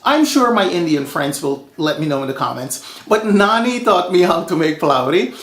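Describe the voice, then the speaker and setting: A man from Suriname hosting a home cooking show, telling stories in a lively, chatty way. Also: a little high, moderate pace, roomy sound. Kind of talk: casual cooking show talk.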